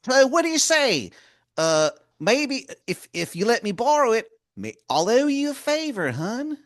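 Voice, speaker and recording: A man's voice: extremely high pitch, sing-song, unhurried, voice pushed up, full character voice. A man voicing a pushy male wizard in a robe, wheedling and calling everyone hun. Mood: pleading.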